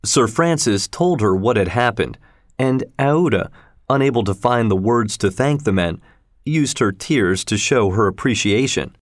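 A man's voice: medium pitch, no echo. Man narrating a story, dry and close. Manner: steady, measured storytelling. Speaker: audiobook narrator. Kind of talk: scripted narration of a classic adventure story.

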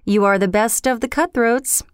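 A woman voicing a haunted, guilty male king in a storybook reading, speaking in slow, dramatic outbursts. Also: on the high side, clear, resonant tone, no echo, clean studio sound, pitched above the performer's own voice, close to an everyday voice. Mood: cold.

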